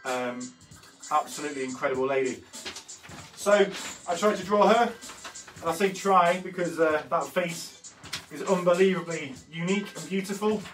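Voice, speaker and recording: At normal speed, in a fairly high, fairly bright voice, a man in his 30s chats loosely through his pictures while hosting an art workshop. He uses lots of fillers and keeps correcting himself; faint music plays behind a slightly distant mic.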